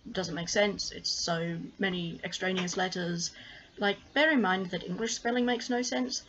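A woman's voice: mid-range voice, a little hiss or hum. A young woman with an Australian accent, explaining letter sounds to camera, carefully demonstrating each sound with frequent ums. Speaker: language tutor. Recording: slightly muffled lo-fi recording.

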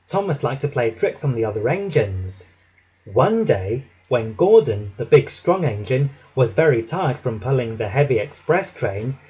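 A man narrating a children's storybook slowly and expressively, his pitch rising and falling a lot. His voice is slightly husky and breathy. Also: a little mellow, poor audio. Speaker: storybook reader.

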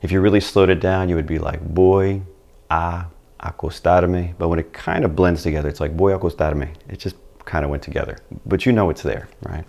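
A man's voice: low voice, fairly even intonation, fast, gravelly, few pauses, a little mellow. A middle-aged man teaching a language lesson in a chatty, patient way, often checking in with the listener. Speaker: Spanish teacher.

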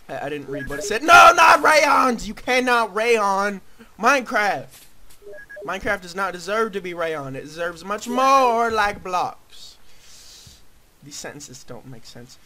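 A young man giving goofy, excitable let's play commentary, often shouting. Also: high voice, a little slow, slight background noise. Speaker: gaming video host.

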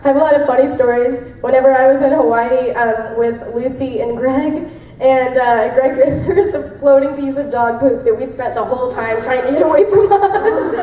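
A woman's voice: high-pitched, steady tone, normal speed, mellow, recorded from a distance, slight background noise. A young woman voice actress answering fan questions at a convention panel, chatty and laughing often as she tells stories. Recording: echoey hall, mic heard from afar.

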